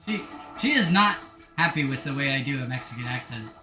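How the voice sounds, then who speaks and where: A man's voice: mid-range voice, lively intonation, brisk, echoey room, music in the background. A man chatting casually and jokingly while playing a video game on stream. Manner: chatty, jokey, self-mocking. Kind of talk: casual gameplay commentary.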